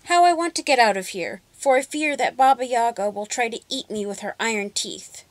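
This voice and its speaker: A woman voicing a timid, polite young peasant girl, speaking in a high, eager voice in a storybook reading. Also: a little fast, dry recording, lightly acted. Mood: fearful.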